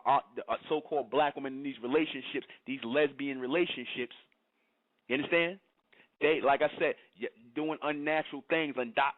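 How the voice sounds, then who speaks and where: A man lectures in a scolding tone, stacking up rhetorical questions and repeating lines over and over. His voice sits fairly high for a man. It comes through thin and tinny, like audio over a phone line. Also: dry recording. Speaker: channel host. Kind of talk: scolding livestream monologue answering chat.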